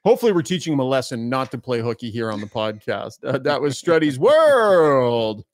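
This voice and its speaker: A man hosting a sports podcast, upbeat and quick to laugh, moving briskly between segments and reading ads. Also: medium pitch, lively intonation, no room sound, studio quality. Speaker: podcast host. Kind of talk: casual sports talk and ad reads.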